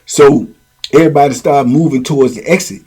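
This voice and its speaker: A man telling a story in a casual, animated way, full of slang and repeated phrases. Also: medium pitch, fairly quick, breathy edge. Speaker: storyteller host.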